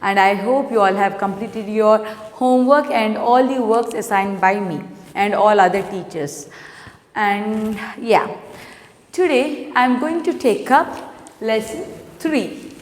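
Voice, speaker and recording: A woman teacher giving an online lesson, asking her class questions. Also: medium pitch. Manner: asks the class many questions, slow and clear. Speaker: primary school English teacher. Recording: echoey room with long reverb.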